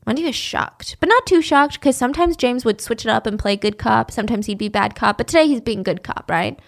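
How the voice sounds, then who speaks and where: A woman's voice: on the high side, expressive, brisk, creaky, hardly any pauses. A woman telling a story in a chatty, conversational way. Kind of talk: casual storytelling.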